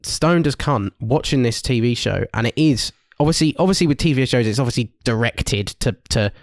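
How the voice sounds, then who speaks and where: A man's voice: medium pitch, animated, brisk, no room sound, clean studio sound. A man co-hosting a podcast, talking in loose, rambling casual chat with restarts and swearing. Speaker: podcast co-host.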